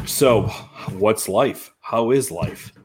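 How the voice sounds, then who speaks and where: Foul-mouthed teasing podcast host. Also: male voice, on the low side, extremely slow, husky. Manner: crude, teasing, laughs a lot. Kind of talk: casual profane banter.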